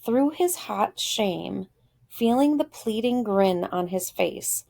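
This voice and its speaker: Gravelly-voiced woman teacher reading aloud. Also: medium pitch, expressive, darkish tone. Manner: thinks aloud, pausing with fillers. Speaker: literature teacher. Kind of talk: reading a story aloud with commentary.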